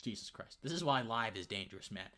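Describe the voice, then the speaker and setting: A young man with a lowish voice talks at a quick pace, hosting a casual livestream of opinions. He says "man" a lot and is lively and conversational, though he rambles, stumbles, and often starts his sentences again.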